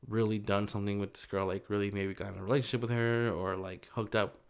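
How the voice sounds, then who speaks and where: Man, low voice, young adult, casual rambling storytelling chat, lots of fillers. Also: little pitch movement, fast talker, smooth. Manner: loose and rambling, full of fillers, acts out voices in quotes. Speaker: guest telling a story.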